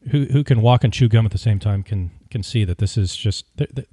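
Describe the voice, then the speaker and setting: A man hosts a podcast and tells a story in an opinionated, wry, animated way. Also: fairly low pitch, fairly quick, breathy edge, no room sound, clean studio sound. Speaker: podcast host. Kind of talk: casual storytelling.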